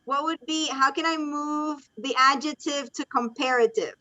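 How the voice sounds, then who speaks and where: Give me a bright, encouraging woman teacher on a lo-fi video call. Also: high voice, moderate pace. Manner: encouraging, switches between English and Spanish explanations. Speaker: ESL teacher. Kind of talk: online class teaching. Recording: dull lo-fi video call audio.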